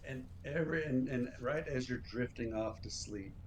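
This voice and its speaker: A man running a tabletop game as game master, talking in a relaxed way with many fillers. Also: medium pitch, normal speed, a little hiss or hum.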